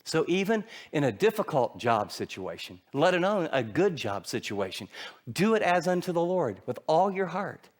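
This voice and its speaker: Preaching from the pulpit, this middle-aged pastor brings his stories to life by acting out each person's voice. He talks at a normal speed in a slightly high voice.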